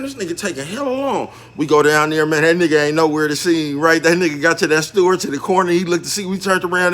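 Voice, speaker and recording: A man's voice: on the high side, a bit bright. A man telling a street story in casual slang, laughing through his words.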